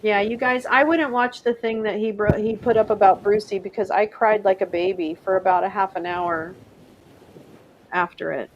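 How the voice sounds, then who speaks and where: A woman's voice: medium pitch, steady tone, moderate pace, highs cut off. A middle-aged woman hosting a casual live stream, rambling and chatty, often laughing and trying out French words. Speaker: livestream host.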